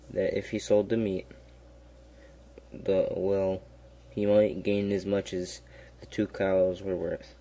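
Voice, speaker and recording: A man reading a fairy tale aloud in a slow, even way, with small slips and restarts. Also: low-pitched. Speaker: storyteller.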